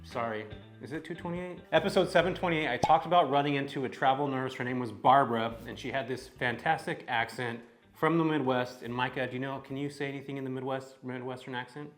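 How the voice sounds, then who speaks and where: A man's voice: medium pitch, steady tone, brisk, soft background music. A young man from California talking casually and upbeat to camera about his rental property. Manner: upbeat, chatty, conversational. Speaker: real estate vlogger.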